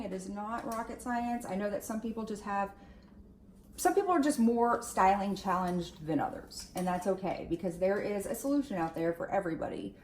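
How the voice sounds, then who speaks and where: A woman's voice: on the high side, warm tone. Chatty lady doing a hair tutorial, says like a lot, echoey room, bit of hiss. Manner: chatty, lots of fillers like "like" and "okay". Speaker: hair stylist demonstrating on a wig. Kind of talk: casual tutorial talk.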